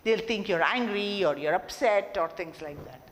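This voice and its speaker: A woman's voice: mid-range voice, normal speed. A woman giving a classroom lecture on communication, explaining and repeating her points and asking rhetorical questions. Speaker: college lecturer. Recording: long reverb, faint background noise.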